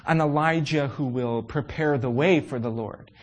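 With a medium-pitched voice, a man preaches to his congregation in an animated, emphatic style. He asks many rhetorical questions and often pauses on "uh".

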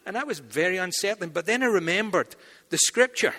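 A man preaching a sermon, telling stories in an animated way and acting out the dialogue. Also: high-pitched, moderate pace. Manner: animated storytelling, acts out dialogue. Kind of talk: sermon with anecdotes. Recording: long hall reverb.

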